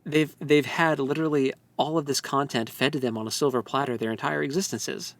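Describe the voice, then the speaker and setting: An animated man co-host chats loosely, with frequent laughs and fillers. His voice sits at an ordinary middle pitch. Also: fairly quick, vocal fry, no room sound. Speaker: podcast co-host. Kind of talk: casual podcast discussion.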